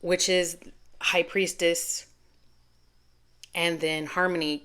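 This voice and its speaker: A woman's voice: fairly low pitch, steady tone, moderate pace. A middle-aged woman giving a channeled tarot reading to camera, earnest and rambling, correcting herself as she goes. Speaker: tarot reader.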